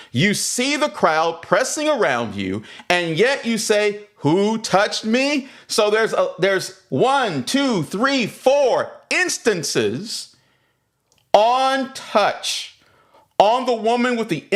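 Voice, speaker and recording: A man's voice: sits high, a bit bright. A man leading a livestreamed Bible study who reads scripture aloud and then explains it, stressing key points again and again. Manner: greets viewers in the chat mid-lesson. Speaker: Bible teacher.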